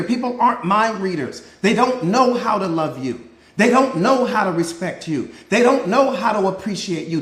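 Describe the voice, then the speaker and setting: Male motivational coach, very high pitch, preacher cadence, roomy echoey sound. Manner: preacher-like, repetitive rhetorical questions and answers. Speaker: mindset coach. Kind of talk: live motivational talk.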